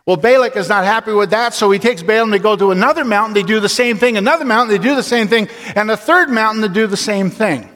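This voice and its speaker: A man preaching a sermon, telling a story casually and then slowing down and dropping low to stress his point. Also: fairly bright tone. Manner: storytelling, slows and drops low for emphasis. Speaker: pastor. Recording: long reverb of a large hall.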